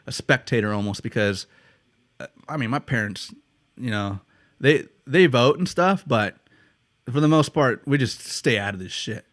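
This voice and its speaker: A young American man co-hosts a laid-back podcast chat. He swears freely, laughs through his stories, and sounds ordinary in pitch. The close mic is dry, with no room sound. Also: expressive, moderate pace, a bit bright, dry recording. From United States. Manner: swears a lot, laughs while telling stories. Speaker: podcast co-host. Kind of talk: casual chat.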